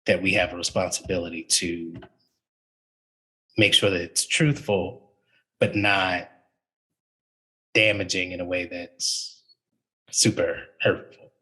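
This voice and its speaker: Male archivist, panel talk, lowish husky voice, measured and chatty. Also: fairly even intonation, pushed and bright, rough recording. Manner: thoughtful, conversational, with frequent fillers. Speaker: university archivist. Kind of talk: panel discussion.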